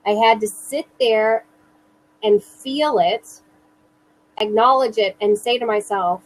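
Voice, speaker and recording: Earnest mom talking slowly in an interview, high-ish voice, lots of restarts. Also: female voice, rough recording. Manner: slow, earnest, self-reassuring, halting restarts. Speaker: interviewee, mother. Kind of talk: personal testimony in an interview.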